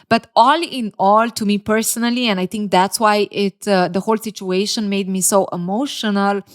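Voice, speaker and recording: Blunt, opinionated woman reviewer. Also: medium pitch. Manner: blunt, opinionated, openly emotional. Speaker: reality show reviewer. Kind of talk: casual recap commentary.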